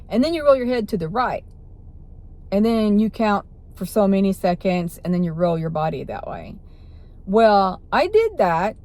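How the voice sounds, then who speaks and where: A woman's voice: mid-range voice, darkish tone. Rambling woman telling a personal story. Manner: rambling, with restarts and self-corrections. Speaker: vlogger.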